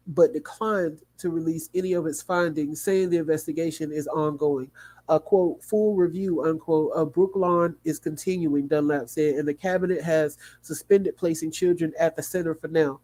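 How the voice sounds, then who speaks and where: A man hosting a livestream reads a news article aloud in a sleepy, yawning way, making small slips and tossing quick asides to his chat. His voice is fairly high-pitched with a steady, dark tone.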